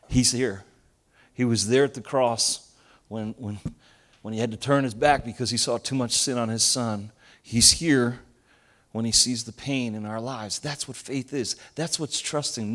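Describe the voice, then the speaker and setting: A man in his forties from Argentina, a pastor preaching a sermon with funny stories and jokes with the audience. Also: medium pitch. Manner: animated storyteller, jokes with the audience.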